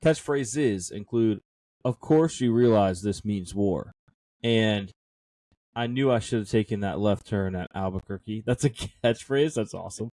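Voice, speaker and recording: A man co-hosts a podcast, reading trivia questions aloud in a casual chat, laughing a lot and thinking aloud about the answers. His voice is fairly low and unhurried, with no echo.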